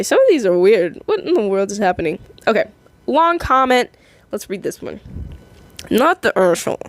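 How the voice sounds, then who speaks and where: A woman's voice: mid-range voice, sing-song, moderate pace, no room sound. A young adult woman casually reading online comments aloud and reacting to them, giggly and chatty, often stumbling and restarting her sentences.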